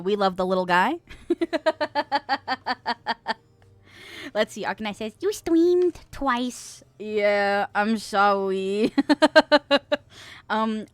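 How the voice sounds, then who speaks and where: Lively, bright-voiced young woman streamer. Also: medium pitch, no echo. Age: 20s. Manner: animated, swearing, giggly, chatting with viewers. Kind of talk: casual gaming stream chat.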